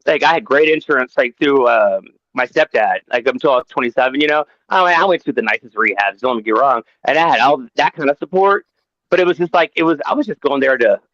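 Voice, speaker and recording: A man's voice: mid-range voice, animated, fairly quick, fairly bright tone, no echo. Candid, rambling man, muffled sound. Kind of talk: casual podcast chat.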